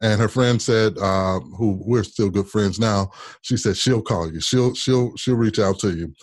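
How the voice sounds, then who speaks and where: A state senator from Kansas, United States, tells a long personal story as an interview guest in a low voice, a little slow. Animated, he often repeats a word before landing on the rest of the sentence. The recording is close and dry, with no echo.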